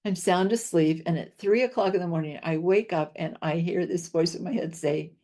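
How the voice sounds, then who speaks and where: Low, mellow older woman guest. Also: moderate pace. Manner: earnest, reflective, repeats key phrases for emphasis. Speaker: podcast guest, homeopath. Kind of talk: interview conversation.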